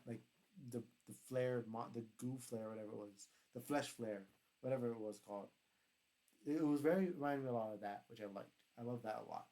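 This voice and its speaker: A young man chatting casually on his own, rambling and excitable, often correcting himself as he goes. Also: medium pitch, fairly quick. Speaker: YouTuber reviewing a TV show. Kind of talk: casual solo review chat.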